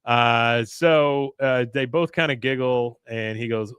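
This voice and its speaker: A man's voice: medium pitch, normal speed, few pauses, fairly bright tone, smooth, no room sound. A man casually recapping a show for his podcast, rambling with fillers and chuckled asides. His voice sits mid-range, and the recording is dry and close with no room sound. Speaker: podcast host.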